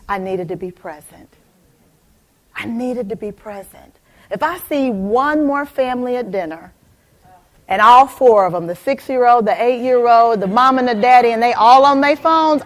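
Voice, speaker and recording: Animated woman giving a keynote talk. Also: on the high side. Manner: animated storytelling, addresses audience members by name. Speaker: motivational speaker. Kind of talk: keynote talk to a live audience.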